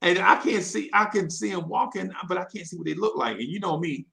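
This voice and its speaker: A man's voice: sits high, expressive, brisk, creaky, sharp tone, rough recording. A man in his fifties telling rambling stories in a casual chat, repeating words and laughing as he goes. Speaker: regular in a live audio chat room.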